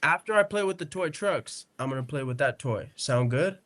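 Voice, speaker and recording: A calm, cocky little boy lays out his terms as a man quotes him, in a slightly high voice. It sounds like a podcast host retelling a story. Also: moderate pace, a little hiss or hum. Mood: bargaining.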